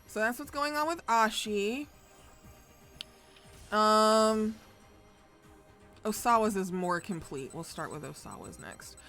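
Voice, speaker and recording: A woman's voice: medium pitch, a bit bright. A woman streamer casually recapping a story, chatty and rambling, swearing freely as she goes. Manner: profane, chatty, rambling with fillers.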